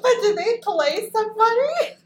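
A woman's voice: very high voice, very animated, moderate pace. A woman in casual chat who teases and makes dry jokes.

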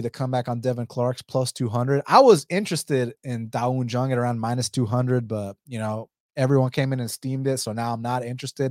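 A young adult man talks through fight picks in a loose, animated way, peppered with swearing and "you know"s. His voice sits at a middle pitch, recorded close and dry with almost no room sound. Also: no room sound. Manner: animated, blunt, profane, lots of filler. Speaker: MMA betting analyst. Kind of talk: casual fight breakdown and picks.

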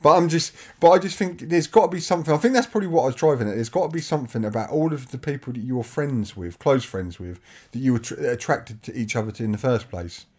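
A man's voice: medium pitch, fast talker, darkish tone. A man co-hosting a podcast, chatting casually, rambling and correcting himself, often laughing. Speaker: podcast co-host. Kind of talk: casual chat.

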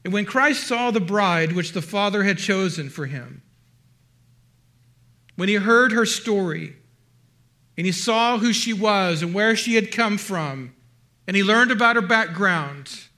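A man preaching a sermon, slow and dramatic, often dropping to soft hushed tones. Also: high voice. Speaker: pastor.

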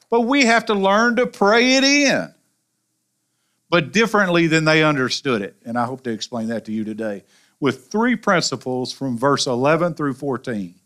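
Man, Southern accent, pastor, sermon, folksy, lively, slightly high voice. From American South. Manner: folksy, animated preaching with colloquial asides.

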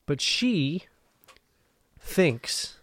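A man co-hosting a comedy podcast, rambling through stories and laughing often between quick jokes. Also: on the high side, big pitch swings, a bit bright. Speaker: podcast co-host. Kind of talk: casual comedy chat.

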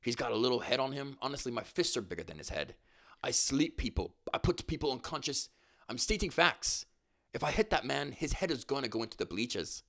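A man's voice: medium pitch, very animated, a little fast, gravelly, a bit bright. A man reading out the boasts of a cocky male fighter, doing the lines in his own voice without an accent. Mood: boastful.

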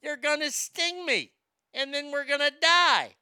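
A man's voice: very high-pitched, measured pace, bright, forceful tone, no echo, clean studio sound, voice pushed up, full character voice. A man voicing a wary male frog in a told fable, protesting in alarm.

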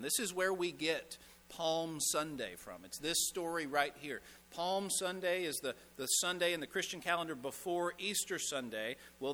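A man preaching a sermon as a pastor, emphatic, asking rhetorical questions and dropping to a hush on key lines. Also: fairly high pitch, big-room sound. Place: church sanctuary.

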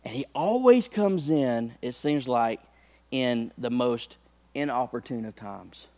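A man's voice: mid-range voice, expressive, slow pace, dark tone. A male preacher delivering a sermon, talking conversationally to the congregation and building to impassioned peaks.

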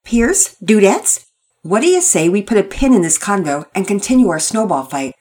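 A woman voicing an excitable, impatient boy who talks in slang. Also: medium pitch, moderate pace, voice pushed up. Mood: eager.

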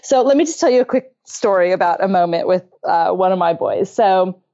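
In a home bedroom, a middle-aged woman tells a story on a parenting podcast, earnest and conversational, laughing often and acting out quotes. Her medium-pitched voice is expressive, a little fast and dark in tone. The recording sounds muffled.

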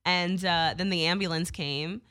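Low-voiced young woman, casual swearing storyteller. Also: unhurried. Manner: animated, swears freely, many fillers.

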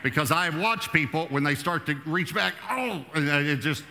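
A man preaching a sermon as pastor, emphatic, pushing his pitch up on key words and slowing down to read scripture. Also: lively intonation, vocal fry, bright, forceful tone, slight background noise. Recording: long hall reverb.

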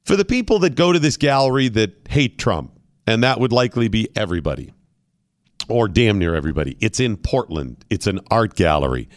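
A man's voice: on the low side, lively intonation, brisk, no room sound, clean studio sound. A male radio host giving argumentative, opinionated commentary and firing off rhetorical questions.

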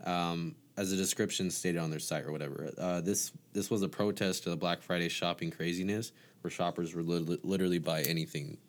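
Young guy, deep voice, laid-back cursing banter, says "dude". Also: steady tone, a little fast, few pauses. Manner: swears a lot, says "dude". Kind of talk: casual chat trading wild facts.

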